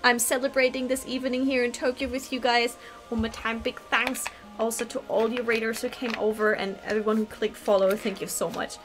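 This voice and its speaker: A woman's voice: on the high side, flat delivery, a little fast. A woman from Germany, gushing through live game commentary and reading the dialogue aloud. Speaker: streamer. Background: game music.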